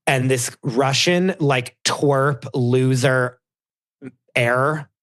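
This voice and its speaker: A man's voice: medium pitch, extremely slow, fairly bright tone. A man guest on a podcast, gushing in casual chat with lots of "like" and dramatic retelling.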